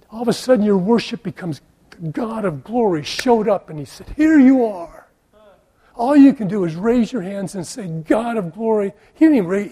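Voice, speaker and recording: A middle-aged American man preaching a sermon, telling stories and moving from hushed tones to loud emphatic questions. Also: high-pitched, breathy edge. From United States. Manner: storytelling, shifting from soft hush to loud emphatic questions. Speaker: pastor.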